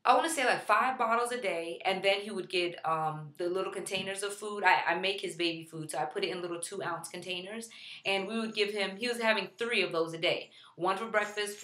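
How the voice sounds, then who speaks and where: A woman's voice: on the low side, sharp tone, echoey room. A woman who is a mother and vlogger, chatting casually to camera in a playful way, using lots of fillers and sometimes turning to talk to her baby. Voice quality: chatty, filler-heavy delivery. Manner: playful, talks to the baby in between.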